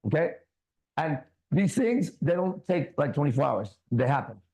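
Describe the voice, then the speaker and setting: A man hosting a casual talk show, animated, preachy and swearing freely. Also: on the high side, moderate pace. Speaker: podcast host. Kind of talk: casual chat.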